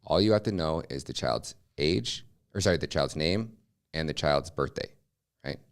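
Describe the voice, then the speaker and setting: A man from the United States, a journalist guest on a podcast, telling a story in a lively way and acting out the quoted dialogue. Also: rumbling low, normal speed, smooth. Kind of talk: podcast interview.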